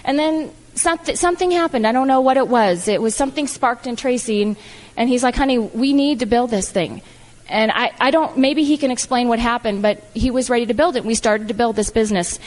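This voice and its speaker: A middle-aged woman telling her personal story to an audience, animated and emphatic, acting out the lines she quotes. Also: on the high side, a little fast. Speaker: guest speaker. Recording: long hall reverb.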